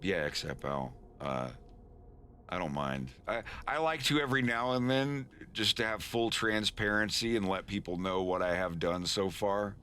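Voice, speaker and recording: A man's voice: deep voice, normal speed, bright, forceful tone, a little hiss or hum. A man casually chatting on a live stream while he animates, rambling with stammered restarts and frequent chuckles. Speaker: animator streaming his work.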